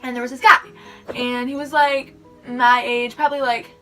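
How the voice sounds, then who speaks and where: A woman's voice: high-pitched, little pitch movement, normal speed, bright, forceful tone. A teenage girl telling a storytime vlog, rambling and packed with "like" fillers. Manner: rambling, filler-heavy retelling with lots of "like". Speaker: vlogger. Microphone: camera mic. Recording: sped-up audio from a distant mic with music behind.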